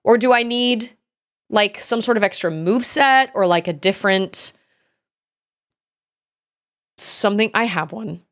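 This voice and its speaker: A woman's voice: mid-range voice, measured pace, pauses often, fairly bright tone. A woman streaming a video game, commenting live and often exclaiming and squealing as she plays.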